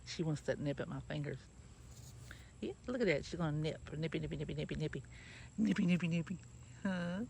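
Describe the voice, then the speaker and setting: A woman talks briskly in a deep, darkish voice with vocal fry and frequent pauses, slight noise behind her. Doing farm chores outdoors for a casual vlog, she chats and coos to the animals, camera set down close by.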